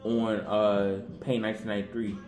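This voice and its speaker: A man's voice: fairly low pitch, level tone, normal speed, a little mellow, reverberant, faint music behind, low-quality recording. A young man in casual chat, laid-back and slangy, with an offhand way of talking.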